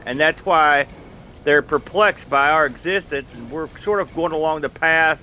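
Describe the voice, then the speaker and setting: A man with a bright, forceful voice chats casually as a player in a tabletop game, thinking aloud and floating theories. There is a faint hiss behind him. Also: fairly high pitch, normal speed. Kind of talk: casual game chat over voice call.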